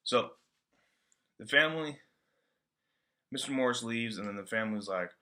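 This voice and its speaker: Man, student presenter, casual slangy delivery, lowish voice, bright forceful tone. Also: unhurried, long pauses. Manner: loose, slangy, full of fillers. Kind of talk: casual book-report talk.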